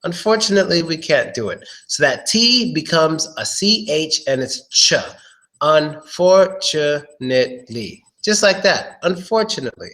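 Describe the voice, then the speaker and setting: Relaxed and musing aloud, a man on the high side of the pitch range teaches English pronunciation over a live stream. He takes each word slowly and says it again.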